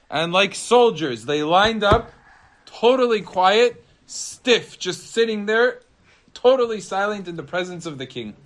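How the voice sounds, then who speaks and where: Rabbi retelling an old story. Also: male voice, a little high, expressive, a little slow, fairly bright tone. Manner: conversational, with fillers and restarts. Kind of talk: Torah class storytelling.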